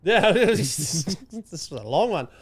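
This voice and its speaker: A man's voice: high voice, big pitch swings, slow, slightly rough. A man co-hosting a podcast, ranting sarcastically and swearing freely in casual banter. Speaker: podcast co-host.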